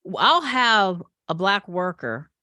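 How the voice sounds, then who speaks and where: A woman's voice: mid-range voice, very animated, slow pace, sharp tone, no room sound. A woman hosting a discussion panel, backing up the guests and asking them questions. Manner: affirming, asks questions.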